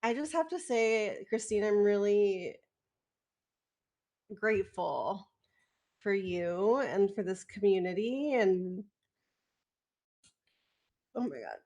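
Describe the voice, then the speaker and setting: A woman's voice: medium pitch, expressive, slow pace, pauses often, a little mellow. A woman shares her experience with her spiritual group over a video call. She is gushing, giggly and heartfelt. She takes her time with her words. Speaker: community member. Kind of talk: casual group video chat.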